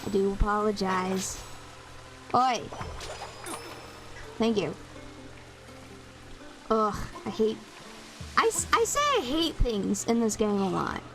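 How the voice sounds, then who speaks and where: A young woman chats slowly and rambles while streaming a game, her playful talk drifting into a sing-song lilt. Her voice sits a little high. Loud game music plays under her voice the whole time. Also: sing-song, creaky. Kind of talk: casual chat while gaming.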